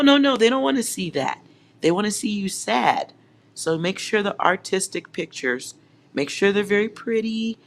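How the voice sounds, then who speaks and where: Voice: medium pitch, a little hiss or hum. A tarot reader giving a collective reading at home, speaking straight to viewers in a teasing, sarcastic way and laughing often.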